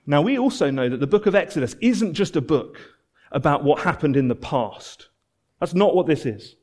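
Earnest higher-voiced male preacher. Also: animated, normal speed. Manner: earnest, emphatic, repeats for effect, drops to soft low endings. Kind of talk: sermon.

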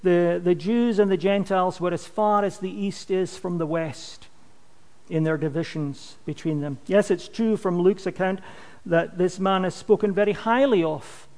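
Speaking at normal speed in a large hall, a man with a high, steady voice gives a sermon. His delivery is earnest and emphatic, though he gets quieter at the ends of phrases.

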